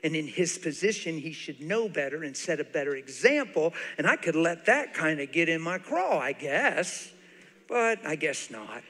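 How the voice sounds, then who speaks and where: High, bright animated preacher man. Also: normal speed. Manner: animated, laughing and crying as he tells stories. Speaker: guest preacher. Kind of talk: sermon storytelling. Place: large church auditorium. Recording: live sermon with long hall reverb.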